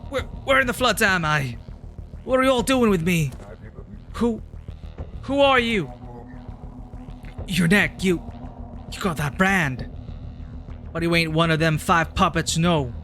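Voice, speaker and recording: A man's voice: high voice, lively intonation, a little slow, long pauses, sharp tone, soft background music, voice pushed up, exaggerated voice. A man voicing a desperate, grasping cowboy outlaw with a Western drawl. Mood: frantic. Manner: Western drawl, pleading and accusing.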